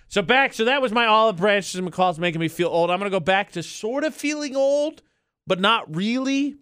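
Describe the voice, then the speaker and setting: A man in his thirties riffs through casual morning radio banter, jokey and a little indignant, his voice sitting high and sounding smooth and clean. The studio mic keeps him close and dry, with no room sound behind. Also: expressive, moderate pace, a bit bright, no echo. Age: 30s. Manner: jokey, rambling, playfully indignant. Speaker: radio morning show co-host.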